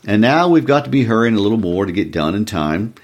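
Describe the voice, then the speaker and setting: A man voicing a brisk, formal village official giving businesslike instructions in a story reading. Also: lowish voice, very animated, voice pushed up.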